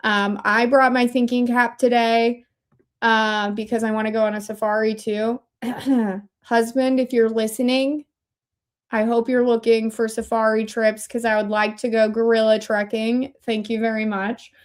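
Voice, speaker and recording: A woman's voice: a little high, flat delivery, a little slow. Chatty, rambling woman livestream host. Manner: chatty, rambling, self-interrupting. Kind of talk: casual commentary livestream.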